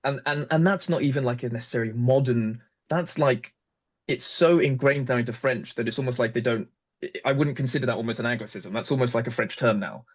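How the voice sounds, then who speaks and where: A man's voice: medium pitch, fast. A young Englishman with an English accent, talking casually as an interview guest, hesitant with many fillers and restarts. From England.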